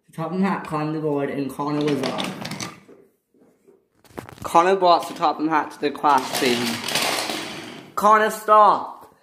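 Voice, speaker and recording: A storyteller narrating a toy train story in a slow, plain way. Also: mid-range voice. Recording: echoey room, faint hiss.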